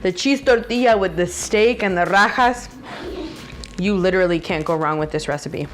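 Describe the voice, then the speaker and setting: With food sizzling in her home kitchen and slight background noise, a cooking channel host talks at a moderate pace in a voice on the low side. She's a native Spanish speaker whose casual vlog is chatty and bubbly, with jokey asides.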